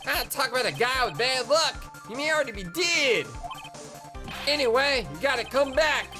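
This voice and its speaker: A woman voicing an excitable, panicky young man who stammers and shouts his lines. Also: high voice, moderate pace. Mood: frantic. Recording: game music playing underneath.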